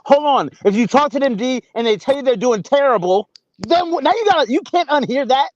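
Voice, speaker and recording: A man's voice: very high voice, lively intonation, fairly quick, muffled recording, a little hiss or hum. A man co-hosting a radio show in casual banter, full of laughing, playful interjections.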